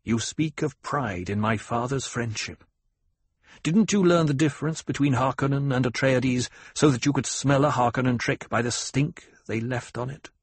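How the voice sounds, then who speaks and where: A man voicing a young noble male leader who speaks with intense, quiet command, with a husky voice. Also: medium pitch, no echo, lightly acted.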